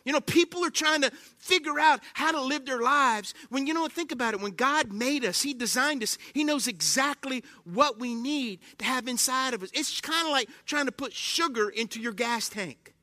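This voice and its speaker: A man's voice: very high voice, moderate pace, few pauses, no room sound. A man preaching a sermon, telling stories animatedly, acting out exclamations and often asking the congregation questions. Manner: animated storytelling with acted-out exclamations; asks the congregation frequent questions.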